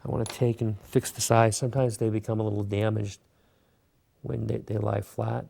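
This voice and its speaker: Gravelly-voiced man teaching clay sculpting. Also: lowish voice, moderate pace. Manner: relaxed, talks while working, many fillers. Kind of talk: step-by-step craft tutorial.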